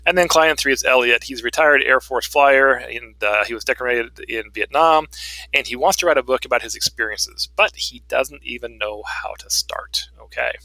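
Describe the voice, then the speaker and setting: Bright-voiced male college instructor, dry sound. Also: mid-range voice, moderate pace, creaky, dry recording, rough recording. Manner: conversational, frequent "okay" and "um" check-ins; chuckles and jokes lightly with students. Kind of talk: recorded online lecture walkthrough. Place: in Raleigh, North Carolina.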